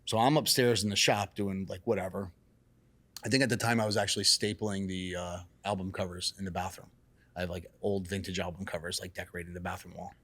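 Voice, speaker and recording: A man, a salon owner, telling a story in casual chat, animated and cursing freely. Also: deep voice, fast talker, slightly rough. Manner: animated, acts out quotes in raised excited voices. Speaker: salon and barbershop owner, guest.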